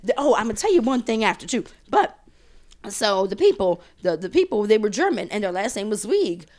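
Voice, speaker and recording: A woman from New with the of the city chats as a podcast guest, her voice swinging widely up and down as she tells stories. She jumps into high, excited exclamations and speaks at a middling pitch. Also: fairly quick. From New Orleans. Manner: animated storyteller, bursts into high exclamations. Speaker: guest writer. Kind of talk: casual chat.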